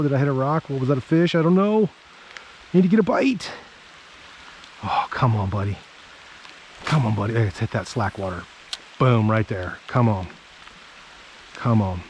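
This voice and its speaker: Excitable man fishing a creek. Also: mid-range voice, unhurried, muffled recording, a little hiss or hum. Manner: excitable, talks to himself and viewers. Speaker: fishing vlogger. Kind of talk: casual outdoor fishing commentary. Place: creek bank outdoors.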